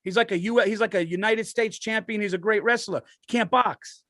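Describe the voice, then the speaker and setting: A middle-aged man, a comedian co-hosting a podcast, telling stories in an excitable, profane way and laughing as he talks. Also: high voice, a little fast, no echo, studio quality. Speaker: stand-up comedian and podcast co-host. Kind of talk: casual podcast chat.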